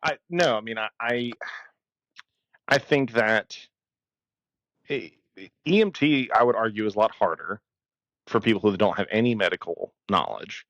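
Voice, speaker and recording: A man co-hosts a casual podcast on emergency medicine, blunt and firmly opinionated, swearing now and then. His voice is lowish and a bit bright, at normal speed with long pauses and no room sound.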